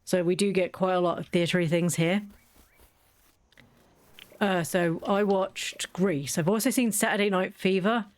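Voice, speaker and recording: A woman's voice: on the low side, steady tone, measured pace, pauses often. A woman chatting casually while she plays a video game, rambling and often restarting her sentences. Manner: chatty, rambling, self-interrupting. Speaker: gaming channel host. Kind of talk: casual let's-play commentary.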